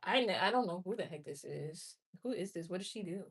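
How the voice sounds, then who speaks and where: Her voice is on the low side, expressive, a bit bright and slightly rough. As a livestreamer she chats casually, reacting candidly to comments from viewers with quick laughs and exclamations.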